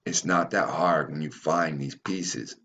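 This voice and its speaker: A man's voice: a bass voice, measured pace, pushed and bright. A man hosting his own channel, reading passages aloud and commenting on them in a profane, rambling way, stumbling over names. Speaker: channel host.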